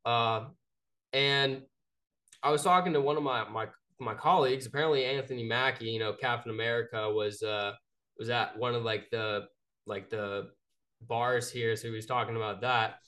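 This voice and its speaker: A man's voice: mid-range voice, fairly even intonation, moderate pace, pushed and bright. Laid-back young man telling a story. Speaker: podcast co-host. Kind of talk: casual sports chat.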